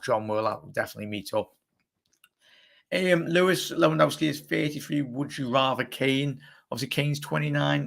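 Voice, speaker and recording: A young Scouse man with a groggy, hoarse voice, hosting a casual live football chat and answering viewers as he rambles. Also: mid-range voice, a bit bright. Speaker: livestream host.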